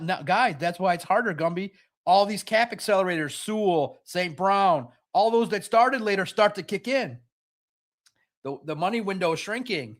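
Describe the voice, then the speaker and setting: A man's voice: sits high, lively intonation, moderate pace, fairly bright tone. A man hosting a sports podcast, talking casually and with animation, slipping into mocking impressions of others.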